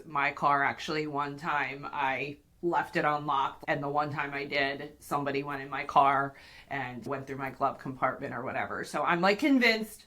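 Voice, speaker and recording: A woman in her thirties hosting a podcast, telling a candid, profane story casually and acting out what she and others said. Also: sits low. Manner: candid, profane, animated retelling with acted-out quotes. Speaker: podcast host.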